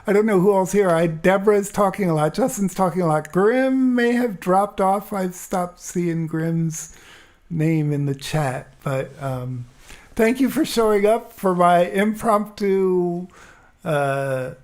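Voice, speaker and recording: Male streamer, relaxed home chat, unhurried, laughs easily. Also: high voice. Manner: chatty, laughs often, easygoing. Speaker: musician hosting a livestream. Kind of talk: casual livestream chat with viewers. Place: at home in an easy chair.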